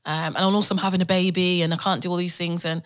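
A woman in her thirties, a podcast guest, telling her story in a lively way. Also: fairly low pitch, fast talker. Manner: animated storytelling with laughs and acted quotes. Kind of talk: casual interview talk.

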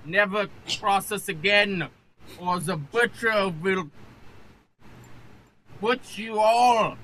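A drunk, pompous pirate captain shouts grand threats in a raised, bright, ringing voice, as a man puts him on. He blusters and boasts. There is a faint hiss behind him. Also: high-pitched, slow, pitched above the performer's own voice, exaggerated voice, rough recording. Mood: bombastic.

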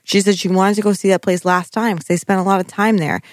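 A woman with a mid-range voice co-hosts a podcast and retells scenes in an animated way, often breaking into giggles. The sound is dry and close-miked. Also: medium pitch, fast talker, dry recording. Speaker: podcast co-host. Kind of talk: casual recap chat.

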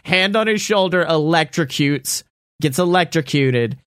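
A man casually making up a story out loud, rambling, laughing and swearing often. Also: fairly high pitch, animated, unhurried, no echo, clean studio sound. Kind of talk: casual improvised story brainstorming.

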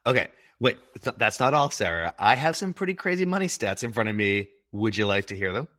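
A man hosting a podcast, upbeat and quick to laugh, reading through banter and figures. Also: fairly low pitch, sing-song, a bit bright, no echo, clean studio sound. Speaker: podcast host. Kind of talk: scripted casual podcast banter.

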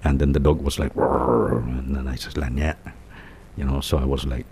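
Deep-voiced man from telling stories. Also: a little fast, a little hiss or hum. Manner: rambling, animated storyteller with many restarts and quoted voices. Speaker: co-host telling ghost stories. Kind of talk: casual storytelling chat.

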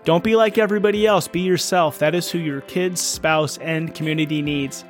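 A man's voice: fairly high pitch, steady tone, normal speed, soft background music. A middle-aged man hosting a solo podcast, thinking aloud in an earnest, questioning way. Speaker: podcast host. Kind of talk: reflective solo podcast monologue.

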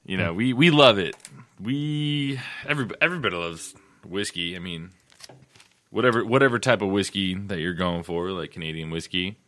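A man with a somewhat low voice talks through the news segment of a casual podcast. He sounds laid-back and joking. His delivery is dry and relaxed. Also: moderate pace, no room sound, a faint crowd. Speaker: podcast co-host, news reader. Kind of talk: casual chat.

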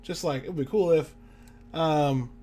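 A tired man chatting casually, telling a story and acting out quotes with big jumps in pitch. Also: a little slow, mellow. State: tired, yawning.

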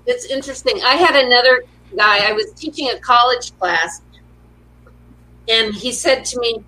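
A woman's voice: on the high side, moderate pace, bright, forceful tone, a little hiss or hum, low-quality recording. A middle-aged woman, a motivational speaker, chatting in an interview and telling upbeat stories with quoted lines acted out. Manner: upbeat storyteller who acts out quotes. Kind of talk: casual interview conversation.

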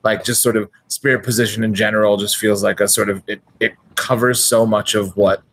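A man's voice: fairly low pitch, flat delivery, brisk, fairly bright tone, breathy edge, no echo. Rambling man with dry close sound. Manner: rambling, hesitant, many restarts. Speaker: player. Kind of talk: tabletop character creation chat.

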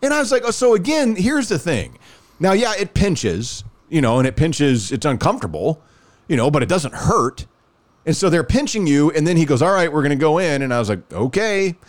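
A man's voice: fairly high pitch, fairly quick. A man in casual podcast chat, telling a long personal story and acting out the other people's lines. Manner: animated, acts out quoted dialogue.

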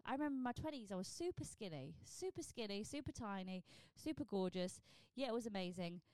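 Brief: woman, 40s, stand-up comedian, blunt, animated, dry close mic. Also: mid-range voice, fairly quick, clear, resonant tone, no room sound. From southern England. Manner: blunt, sweary, animated with comic asides. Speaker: stand-up comedian and podcast host. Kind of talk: casual solo podcast monologue.

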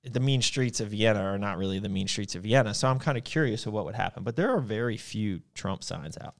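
A young man co-hosting a podcast in casual chat, animated and rambling, laughing often. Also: on the low side, brisk. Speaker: podcast co-host.

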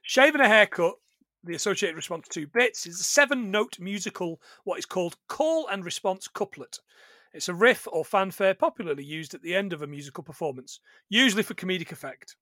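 A man hosting a casual podcast chat, joking, swearing and putting on quick voices for the characters he retells. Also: high-pitched, animated, pushed and bright, no room sound. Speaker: podcast host.

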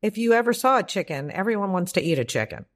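A woman's voice: medium pitch, lively intonation, quick pace. A woman life coach on a podcast, talking emphatically and profanely, acting out the voices in people's heads. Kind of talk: podcast conversation.

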